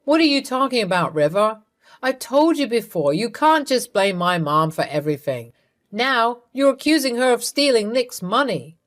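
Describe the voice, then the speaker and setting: A woman's voice: a little high, lively intonation, normal speed, lightly acted. A woman reading a story aloud, voicing a husband caught between his wife and his mother, who sounds anxious and shocked. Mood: defensive. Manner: anxious and shocked, then apologetic.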